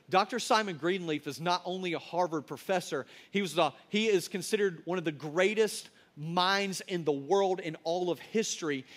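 A man preaching a sermon in a colloquial, emphatic storytelling manner. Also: on the high side.

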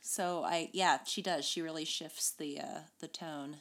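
A woman's voice: deep voice, steady tone, measured pace, vocal fry, fairly bright tone. A woman co-hosting a podcast, chatting enthusiastically about a children's book and laughing often. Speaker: podcast co-host. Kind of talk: casual book discussion.

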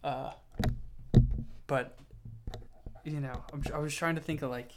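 A man's voice: fairly high pitch, steady tone, a little slow, very noisy. A young man hosting a solo podcast, rambling through loose tangents with lots of fillers and restarts, tired and self-mocking. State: tired, yawning. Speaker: podcast host.

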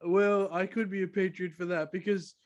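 Brief: high-voiced man, relaxed chatter. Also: normal speed, muffled recording. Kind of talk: casual chat.

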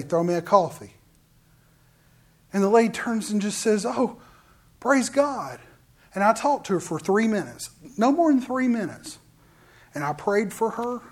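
Animated preacher man. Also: sits high. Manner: animated, swings from loud emphatic bursts to hushed near-whispers, repeats words. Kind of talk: sermon with personal stories.

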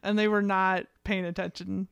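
A woman's voice: mid-range voice, level tone, normal speed, gravelly, clear, resonant tone, no room sound, lo-fi sound. A woman co-hosting a casual podcast chat, laughing often, swearing and acting out reactions. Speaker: podcast co-host.

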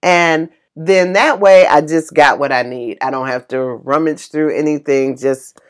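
A woman's voice: sits low, unhurried. A woman casually telling a personal story with emotion, exclaiming and acting out what people said. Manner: animated, exclaiming, acts out quoted voices; emotional, tearful retelling.

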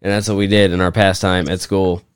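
Rambling young guy with a smooth voice. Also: deep voice, flat delivery, brisk, dry recording, studio quality. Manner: rambling storyteller, swears often. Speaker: podcast co-host. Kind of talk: casual chat.

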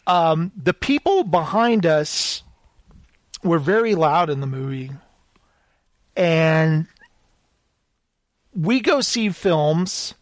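A man co-hosting a casual chat show, telling stories with animated acted-out quotes. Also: a little high, very slow, pauses often, no echo. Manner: animated storyteller, acts out quotes. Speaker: podcast co-host.

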